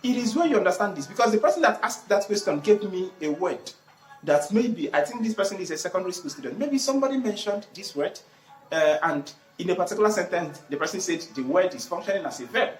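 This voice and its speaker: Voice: mid-range voice, lively intonation, fast. An English teacher giving an online grammar lesson, repeating key words and posing questions, then answering them. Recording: roomy echo, faint music behind.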